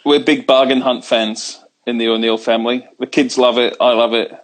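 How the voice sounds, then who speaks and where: An easygoing man from the UK chats as a guest on a live video call, holding the phone himself. His voice sits at a middling pitch, and he talks in a wry, meandering way. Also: level tone, normal speed, poor audio. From United Kingdom. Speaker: guest comedian. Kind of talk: casual video chat. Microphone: handheld phone on video call.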